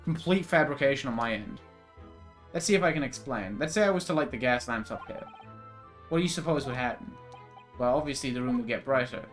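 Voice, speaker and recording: A self-assured detective explains his reasoning in a breezy, lecturing way, read by a man. The voice stays at a middle pitch. Soft music runs in the background. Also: animated, brisk, lightly acted. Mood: explaining. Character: eccentric confident male great detective.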